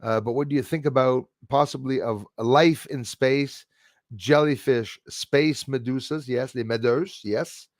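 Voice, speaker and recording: A man rambles through a casual livestream, reading out viewer comments, laughing often and trailing off with fillers. His voice sits at an ordinary middle pitch. The sound is dry and close, with no room echo. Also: measured pace. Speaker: livestream host.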